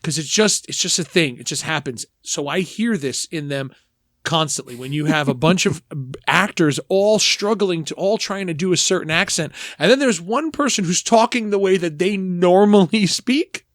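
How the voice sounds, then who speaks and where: Male podcast co-host, slightly high-pitched, animated and digressive, dry studio sound. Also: normal speed, dry recording. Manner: animated, rambling, emphatic with restarts. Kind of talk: casual film discussion.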